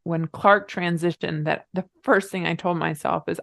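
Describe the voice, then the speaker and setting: Middle-aged woman podcast host, low and gravelly, personal storytelling, dry close sound. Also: moderate pace, no room sound. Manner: emotional, animated retelling with laughs.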